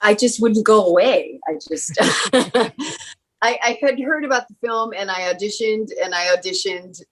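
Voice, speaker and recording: A woman with a mid-pitched voice talks casually on a reunion panel, laughing easily. Her voice softens and drops toward the ends of her phrases. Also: measured pace. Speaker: actress in the film. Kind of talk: casual chat.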